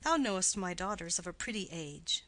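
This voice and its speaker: A woman reading the part of a stately noble mother in an audiobook play, speaking quietly in a low, measured way. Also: expressive.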